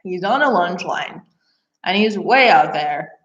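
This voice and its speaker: A young woman tells a rambling personal story in a slightly low voice, laughing often and filling gaps with "like" and "you know". The recording is dull and lo-fi. It sounds like an echoey room. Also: unhurried. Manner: animated, laughs often, many fillers. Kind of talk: casual storytelling.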